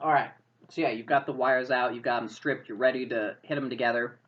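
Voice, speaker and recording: A woman's voice: extremely low pitch, fairly even intonation, a little fast, a little hiss or hum. A woman narrating as game master in a loose, casual way with many fillers. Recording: muffled lo-fi audio.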